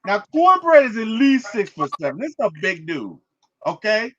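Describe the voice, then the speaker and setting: A man with a high voice hosts a movie review. He retells the plot with wide, lively swings in pitch, and he keeps checking in with "right?". The recording is slightly muffled, with a faint hiss underneath. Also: normal speed. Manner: emphatic, repeats points with "okay?" and "right?".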